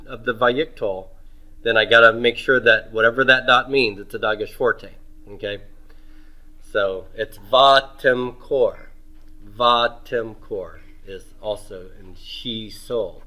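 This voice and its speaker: A middle-aged man leads a grammar lesson in a bright, forceful voice. He asks questions, pauses, and answers them himself, stretching out words as he spells them. His pitch sits in a middle range. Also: poor audio. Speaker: Hebrew grammar teacher. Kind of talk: homework review lecture.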